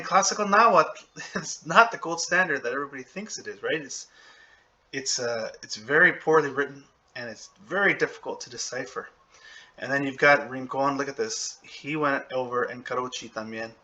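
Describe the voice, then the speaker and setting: A man gives a relaxed video lesson in a bright, forward voice, talking it through with plenty of fillers and quick "right?" check-ins. He slows down to sound out example words for his viewers. The audio is a bit dull and lo-fi. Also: medium pitch. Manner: conversational, thinks aloud with fillers, checks in with "okay?" and "right?"; drops into spoken examples and sounds out words slowly. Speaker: language teacher. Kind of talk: casual video lecture.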